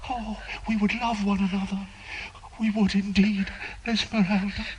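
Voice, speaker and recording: An actor playing a tormented, obsessive priest in a radio drama, pleading and anguished, swinging between hushed murmurs and shouts. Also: male voice, high voice, little pitch movement, normal speed, a little hiss or hum, close to an everyday voice, poor audio. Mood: hushed longing. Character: tormented obsessive male priest, middle-aged.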